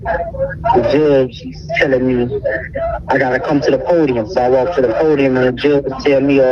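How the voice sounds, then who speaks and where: Recorded from a distance amid crowd noise, the audio is dull, and a man's mid-range voice swings widely in pitch at a moderate pace. He's from Baton Rouge, Louisiana, with the accent to match, a guest in an interview recounting his story in a casual, streetwise style. He impersonates the people he quotes and peppers his talk with "bro" and "you know what I'm saying."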